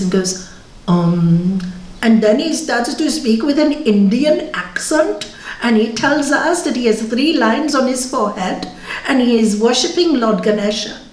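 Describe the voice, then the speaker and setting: Middle-aged woman giving a yoga scripture talk, higher voice, slow, roomy sound from off mic. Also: darkish tone, far from the mic. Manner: slow, reflective, laughs between points. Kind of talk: spiritual talk with readings. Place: yoga centre hall.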